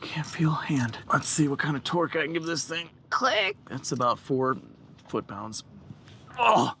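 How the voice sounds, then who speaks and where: A man vlogging while he repairs a car outdoors, joking with viewers in an excitable running commentary. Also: medium pitch, normal speed, noisy background. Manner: excitable, jokey, talks to viewers. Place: outdoors in the sun.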